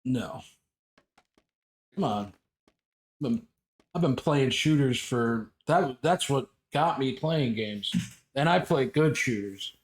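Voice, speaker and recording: A man's voice: medium pitch, slow pace, pauses often. A man chatting casually with friends, telling a story and acting out the quoted lines. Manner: animated retelling, acts out quoted dialogue. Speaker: streamer telling a story in group voice chat.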